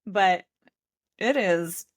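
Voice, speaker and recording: A woman's voice: medium pitch, drawn-out words. A woman in her thirties co-hosting a book podcast, chatting casually and gushing with laughter. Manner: gushing, laughing, reads lines aloud in playful voices. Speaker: podcast co-host.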